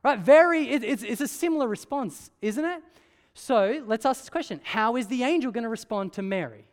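A man's voice: very high voice, lively intonation, moderate pace. A man preaching a sermon in a conversational way, often asking rhetorical questions. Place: church hall. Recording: long church-hall reverb.

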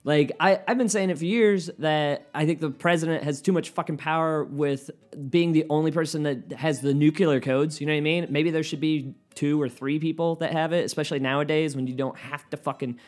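A man hosting his own podcast from his living room, rambling and swearing, often flaring into yelling. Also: fairly high pitch, steady tone, brisk. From United States. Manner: profane, rambling, flares into yelling. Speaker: podcast host and stand-up comedian. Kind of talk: solo podcast rant.

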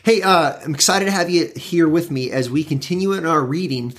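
A pastor teaching, casual and explanatory. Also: male voice, on the high side, fairly quick. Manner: relaxed and explanatory, with frequent fillers and restarts; reads scripture aloud with rising emphasis. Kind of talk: conversational Bible teaching.

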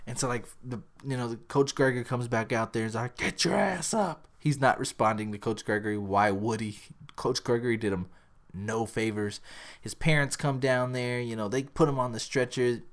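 A young man hosts a podcast, casually telling a story full of profanity and acting out the quotes with animation. His pitch is medium and he talks a little fast.

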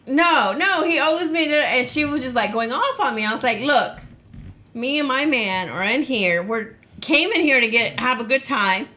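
A woman's voice: sits high, lively intonation, normal speed, sharp tone. A woman, a school teacher, telling a story in casual chat, laughing, swearing and acting out the quotes. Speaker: podcast guest, school teacher.

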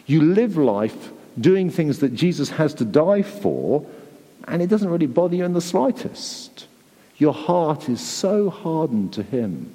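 A man's voice: on the high side, sing-song, unhurried, warm tone, in a large hall. A man preaching a sermon to a church congregation, earnest and pleading, often repeating words as he presses his point. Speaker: pastor.

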